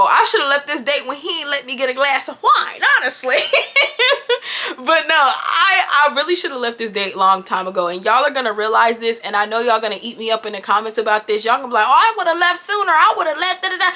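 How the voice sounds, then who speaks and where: A woman in her twenties telling a storytime vlog to her viewers in an animated, exclamatory, slangy way. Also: fairly high pitch, fast, hardly any pauses. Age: 20s. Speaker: vlogger.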